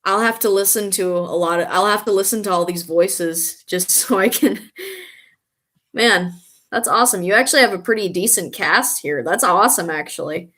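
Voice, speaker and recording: A woman chatting casually on a live stream, reading viewer comments and reacting with excitable, frequent laughter. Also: mid-range voice, normal speed.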